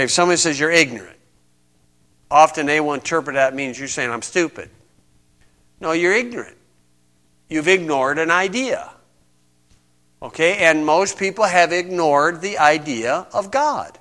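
A man preaching a conversational sermon, stressing points and reading scripture slowly. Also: a little high, pushed and bright. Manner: conversational, emphatic, reads scripture aloud slowly.

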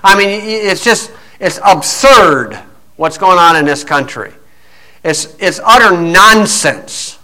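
A man's voice: high-pitched, lively intonation, slow pace, sharp tone, low-quality recording. A man preaching a blunt monologue in a combative, scornful, folksy way, full of fillers.

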